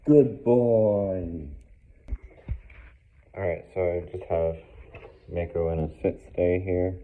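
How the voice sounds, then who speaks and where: A man working as a dog trainer, calmly explaining a hands-on training demonstration between short, firm commands. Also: low voice, moderate pace. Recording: tinny phone-like sound.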